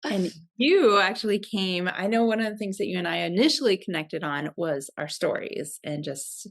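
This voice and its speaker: Woman host, upbeat and welcoming, mid-pitched interviewer. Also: normal speed. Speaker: podcast host. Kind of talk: casual interview chat.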